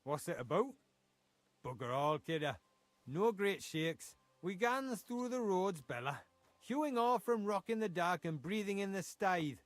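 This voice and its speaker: A man's voice: sits high, expressive, a little slow, no room sound, faint music behind. An actor with a Geordie accent playing a blunt, impatient male mine foreman in a video game. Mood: scornful. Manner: blunt, dialect-heavy, grumbling.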